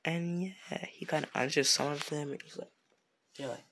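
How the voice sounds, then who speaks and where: A man's voice: fairly high pitch, fairly even intonation, moderate pace, sharp tone, slight background noise. A young man casually improvising a fan fiction story, rambling and slangy, correcting himself as he goes.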